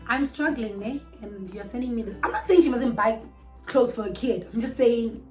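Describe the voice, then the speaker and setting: A young South African woman telling a storytime vlog with animated, outraged bursts. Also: on the high side, normal speed, faint music behind, poor audio. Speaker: vlogger.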